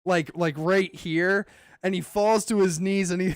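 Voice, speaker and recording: A man hosting a casual podcast chat, animated and swearing, acting out movie lines as he goes. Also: high voice, slow pace, dry recording, studio quality. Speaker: podcast host.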